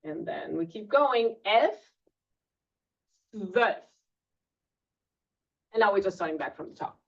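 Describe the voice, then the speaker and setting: A woman giving a relaxed German class to parents, pausing on filler words and pronouncing each German word slowly and carefully. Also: medium pitch, creaky. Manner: relaxed, many fillers, slow deliberate pronunciation of German words. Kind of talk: casual classroom lesson. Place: school classroom. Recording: distant, muffled classroom recording.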